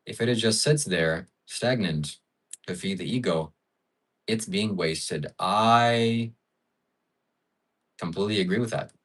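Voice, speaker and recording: A man hosting a casual livestream rambles along in a lowish voice, with frequent fillers as he muses. He sits a little way back from the mic. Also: slow pace, pauses often, a bit bright, distant mic, poor audio. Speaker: livestream host.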